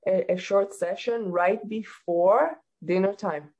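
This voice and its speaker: In a slow, mid-range voice, a woman speaking as a hypnotherapist guest in a relaxed interview calmly explains ideas and shares practical advice. The sound quality is lo-fi.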